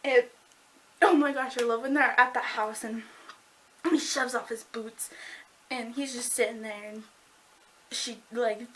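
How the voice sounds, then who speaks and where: Young female book vlogger, high pitch, excitable and chatty, lots of "like". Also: a little hiss or hum. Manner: bubbly, giggly, fast, lots of "like". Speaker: book reviewer. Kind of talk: casual book review vlog.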